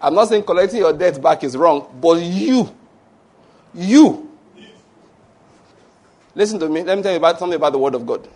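A man preaching, his voice sitting fairly high for a man. He is lively and playful, slipping into little acted-out exchanges, then turns to steady prayer and blessings spoken line by line for a call and response. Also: moderate pace, long pauses. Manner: lively, acts out dialogues, laughs often. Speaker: pastor. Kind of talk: sermon and closing prayer.

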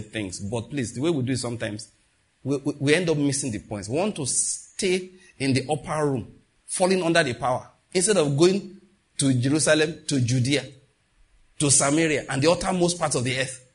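A man delivers a sermon, calling out to his congregation and acting out quotes as he goes. His voice is a little husky and sits fairly high for a man. His pitch swings widely from line to line. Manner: animated preaching with call-outs and acted quotes. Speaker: preacher.

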